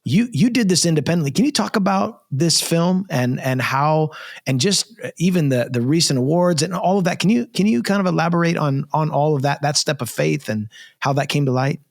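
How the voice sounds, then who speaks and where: A man's voice: a little high, animated, a little fast, creaky. A man, a pastor, hosting an interview, affirming his guest with many restarts. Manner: warm affirming, frequent restarts. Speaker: pastor host. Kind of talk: conversational interview. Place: church studio.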